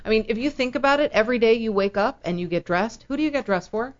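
A woman talking in casual chat, emphatic and animated, checking in with the listener. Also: on the high side, fast, dull audio. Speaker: podcast guest.

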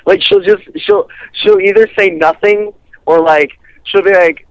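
Teen boy caller from Colorado, hesitant, slightly high voice, dull dry phone-in sound. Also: measured pace, dry recording. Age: teens. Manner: hesitant, lots of "like" and "um". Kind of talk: phone-in conversation.

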